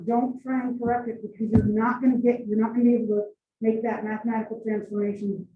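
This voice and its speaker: A woman's voice: on the high side, slight background noise. Teasing woman teaching in an echoey room. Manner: brisk, teasing, coaxing students. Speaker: college GIS instructor. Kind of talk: classroom lecture with questions. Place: classroom. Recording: distant echoey classroom on tinny mic.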